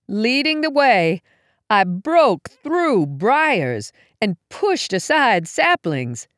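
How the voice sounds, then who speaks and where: A woman reading a first-person story aloud in an expressive, dramatic way. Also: medium pitch, no echo, clean studio sound. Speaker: audiobook reader.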